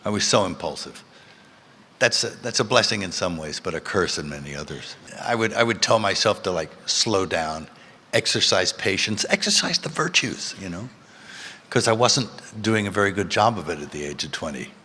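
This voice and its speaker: A man telling stories in a relaxed, laid-back way, fidgety and quick to laugh, heard in interview clips. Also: low voice, slight background noise. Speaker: interview guest. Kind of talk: relaxed storytelling.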